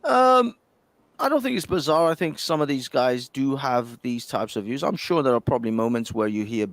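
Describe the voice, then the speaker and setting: A man's voice: mid-range voice, lively intonation, normal speed, no echo. Blunt man, dry close sound. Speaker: podcast co-host. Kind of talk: casual podcast chat.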